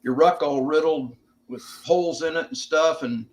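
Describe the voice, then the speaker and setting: A man's voice: on the high side, normal speed, darkish tone. An older American man, a veteran guest on an interview podcast, telling stories in a plainspoken, casual way with some swearing. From United States.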